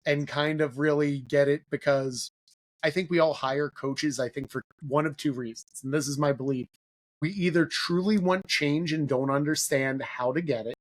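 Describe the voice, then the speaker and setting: A young man hosting a podcast, chatting casually with a guest. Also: fairly high pitch. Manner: casual, conversational, some fillers. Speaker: podcast host. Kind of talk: podcast interview.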